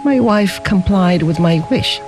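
A dignified, protective Chinese merchant father, as a male narrator puts him on, speaking calmly and solemnly with a fairly high, lively voice. He talks in an unhurried, earnest storybook cadence. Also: over music. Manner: calm, solemn, broken English at times. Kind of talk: storybook reading.

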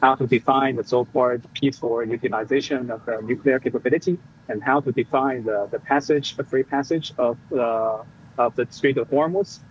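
A male Middle East expert giving interview comments, halting, with many fillers and restarts. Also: mid-range voice, steady tone. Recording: dull lo-fi remote audio, faint noise.

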